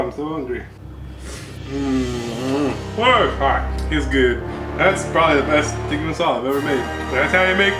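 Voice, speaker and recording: Chill rambling guy cooking, bit high voice, roomy sound with music behind. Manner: laid-back, jokey, rambling. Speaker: cooking show host. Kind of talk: casual cooking vlog.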